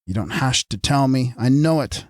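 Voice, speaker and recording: A man's voice: medium pitch, animated, moderate pace, darkish tone, no echo, clean studio sound, lightly acted. A man voicing a brutish drunken English lord who slurs his words thickly. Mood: drunk, bullying. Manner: slurred, thick speech.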